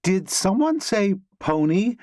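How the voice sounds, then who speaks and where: A man voicing an excitable woman who loves horses, in a high gushing voice for an audiobook. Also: slow, dry recording, studio quality, exaggerated voice.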